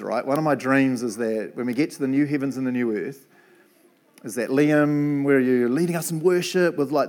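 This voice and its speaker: A man's voice: mid-range voice, a little mellow. A middle-aged man with a New Zealand accent preaching a sermon in a casual, chatty way, often tagging on "eh" and "right". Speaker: preacher and Bible college principal.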